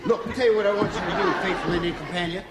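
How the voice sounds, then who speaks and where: An actor playing a vain, bossy masked cowboy hero in a televised comedy sketch, scolding and defensive. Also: male voice, sits high, racing, a loud crowd, heavy background noise, lightly acted. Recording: studio audience laughter, roomy.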